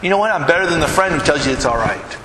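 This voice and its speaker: A man's voice: on the high side, animated, fast. A middle-aged man preaching a conversational sermon to his church, often asking the congregation "right?" as he talks. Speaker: pastor. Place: church hall. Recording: echoey hall with room noise.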